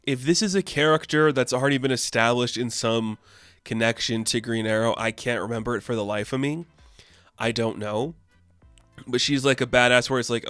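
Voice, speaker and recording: Young male comic reviewer, casual and rambling, mid pitch, dry booth sound. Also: fairly even intonation, moderate pace, a bit bright, smooth, no echo, faint music behind. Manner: rambling, frequent "like", acts out characters. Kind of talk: casual chat.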